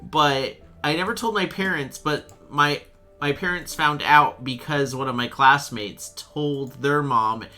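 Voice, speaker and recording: A young man chatting while he plays a game, telling a rambling, animated story and swearing freely. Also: fairly high pitch, measured pace, soft background music. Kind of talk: casual storytelling chat.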